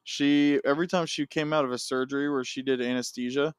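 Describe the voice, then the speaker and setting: A podcast co-host chats casually and at ease, telling long stories. His medium-pitched voice is clear and resonant, fairly quick and fairly even, captured in clean studio sound with no echo.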